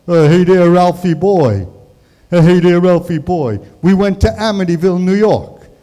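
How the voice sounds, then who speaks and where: A man in his sixties doing an impression of a goofy, easygoing sitcom buddy with a loud drawl. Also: high-pitched, moderate pace, in a large hall, natural voice.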